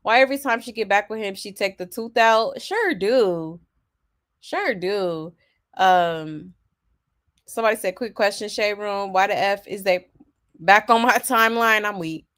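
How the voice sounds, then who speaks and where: A woman's voice: mid-range voice, moderate pace, a bit bright. A woman hosting a casual celebrity gossip commentary, sassy and exasperated, reading out viewer comments and laughing along. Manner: sassy, exasperated, full of asides.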